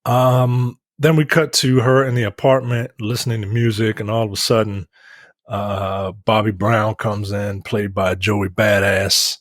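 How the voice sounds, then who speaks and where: A man's voice: fairly low pitch, no room sound, studio quality. A man on a film review podcast, casually retelling scenes with profanity and acting out characters in exaggerated voices.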